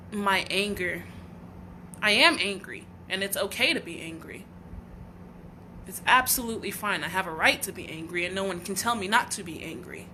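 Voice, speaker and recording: Bright-voiced woman, raw and earnest. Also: medium pitch, a little hiss or hum. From United States. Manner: earnest, raw and heartfelt, with frequent restarts. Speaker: livestream host. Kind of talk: emotional personal livestream talk.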